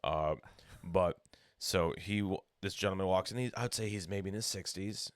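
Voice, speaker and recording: A man's voice: deep voice, normal speed, no echo, studio quality. A young man co-hosting a podcast, telling a long jokey story in casual banter and acting out the people in it. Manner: rambling storyteller, jokey, acts out quotes. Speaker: podcast co-host.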